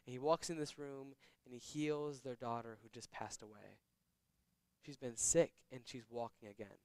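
A man reading scripture verses aloud and explaining them in a relaxed, conversational teaching style. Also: mid-range voice, clear, resonant tone, no room sound. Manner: reads verses slowly then explains in casual, conversational asides. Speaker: Bible teacher.

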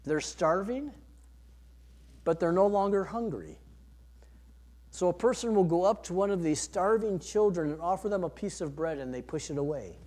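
A man preaching a sermon, earnest, rising to emphatic peaks and then dropping soft. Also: sits high, animated, normal speed. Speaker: pastor.

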